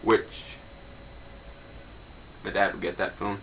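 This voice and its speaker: Bright-voiced young man joking through news. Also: on the low side, little pitch movement, slow, a little hiss or hum, rough recording. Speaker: host of a homemade news show. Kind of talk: casual mock newscast.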